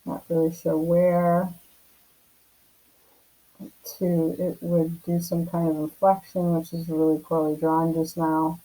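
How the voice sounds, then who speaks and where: A woman's voice: low voice, completely flat delivery, slow, pauses often, mellow, poor audio. A woman teaching a math lesson on video from home, explaining casually and often checking in with "right?".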